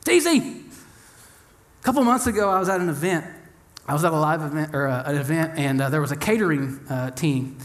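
Animated pastor, a man preaching with humor. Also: on the high side, fast talker. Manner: animated, humorous, acts out quoted voices. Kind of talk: sermon.

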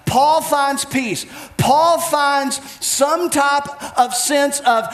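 A man's voice: very high voice, very slow, few pauses, a bit bright, reverberant, soft background music. A man preaching a sermon as pastor, with an emphatic, repetitive cadence.

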